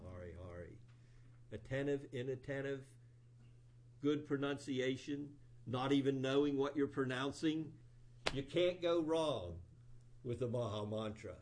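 A man giving a sermon, retelling an old scripture story in an animated storytelling voice with rising emphasis. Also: a little high. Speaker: preacher.

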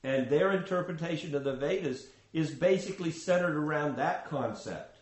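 Man lecturing on scripture, echoey room. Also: on the high side. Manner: measured, explanatory, with frequent restarts. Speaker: spiritual teacher.

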